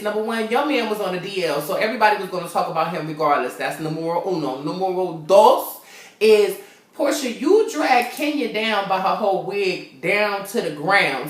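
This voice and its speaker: Sassy woman vlogger, brash and profane, low voice, roomy echo. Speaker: reality TV recap vlogger. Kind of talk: casual, sassy commentary.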